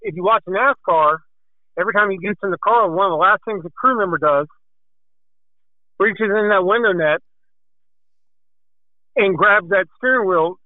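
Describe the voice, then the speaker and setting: A man with a fairly high voice tells a racing story in a folksy, animated ramble, a little short of breath. He comes through a thin, tinny phone line with a dry sound. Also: moderate pace, long pauses, dry recording. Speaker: guest telling a racing story. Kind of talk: casual storytelling.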